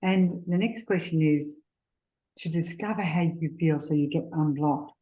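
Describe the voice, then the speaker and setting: Gentle middle-aged woman with a warm, low voice. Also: unhurried, low-quality recording. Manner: gentle, earnest, personal anecdotes. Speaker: seminar speaker. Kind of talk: faith seminar talk.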